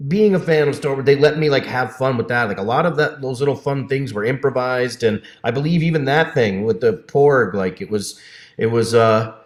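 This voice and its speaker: A man's voice: mid-range voice, moderate pace, echoey room. A man guest in a casual interview about his voice work, enthusiastic, often laughing and restarting his sentences over a video call. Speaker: voice actor guest.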